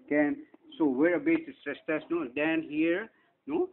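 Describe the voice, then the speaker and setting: A man's voice: a little high, animated, unhurried. A man with a Filipino accent talking casually through a screen walkthrough, rambling and tagging his sentences with little questions. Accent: Filipino (Cebuano). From Philippines. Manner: rambling, frequent tag questions. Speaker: channel owner and inventor. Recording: tinny phone-like audio, faint hiss.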